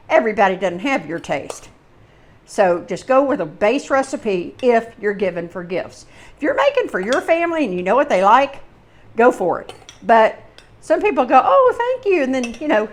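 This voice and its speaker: A chatty woman from the Southern United States with a Southern American accent and a slightly high voice hosts a home cooking channel. In a casual cooking demonstration, she rambles and adds folksy asides.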